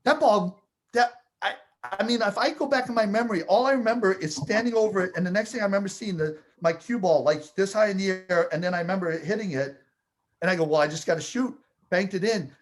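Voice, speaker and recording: A man telling a personal anecdote with animated, building excitement, acting out the scenes as he goes. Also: high-pitched, fairly quick. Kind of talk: storytelling anecdote.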